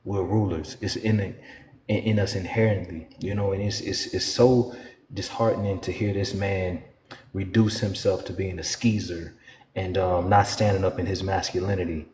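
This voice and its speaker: Deep-voiced preachy man in an echoey hall. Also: fairly even intonation, moderate pace. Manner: preachy and forceful. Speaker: panel guest. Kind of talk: heated live panel debate. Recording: echoey hall with faint background noise.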